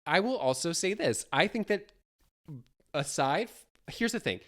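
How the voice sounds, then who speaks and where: A podcast co-host in relaxed conversation. The voice swings widely in pitch and acts out quotes while retelling scenes in a lively way. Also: unhurried. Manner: animated, lively storytelling with acted-out quotes. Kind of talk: casual chat.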